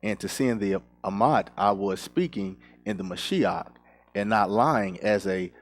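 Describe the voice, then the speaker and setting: A man reading scripture aloud in a sermon, with steady, measured delivery. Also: fairly low pitch. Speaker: scripture reader.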